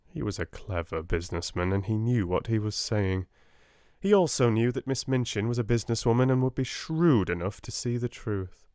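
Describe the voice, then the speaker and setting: A man with a British accent reading a classic novel aloud in a gentle, soft-spoken audiobook style. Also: lowish voice, no echo, studio quality. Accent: British English. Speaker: audiobook reader.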